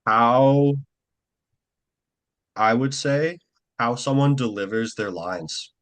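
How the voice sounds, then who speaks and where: A young man, an actor, chatting casually in an interview, rambling with lots of fillers and quick acted-out quotes. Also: mid-range voice.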